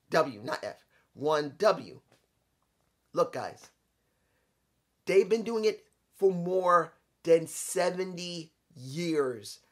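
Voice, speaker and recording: Man doing a solo wrestling opinion vlog, preachy and repetitive, keeps reining himself in. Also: sits high. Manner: lecturing, repeats himself, stops to calm himself. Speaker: wrestling commentary vlogger. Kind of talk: solo opinion rant to camera.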